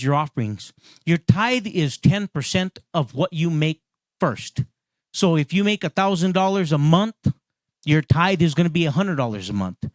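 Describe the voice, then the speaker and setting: A man preaches a sermon in a plain, conversational way, often restarting phrases and then pressing points with emphatic repeats. His voice sits somewhat high for a man. The sound is dry and close, with little room around it. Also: dry recording. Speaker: pastor.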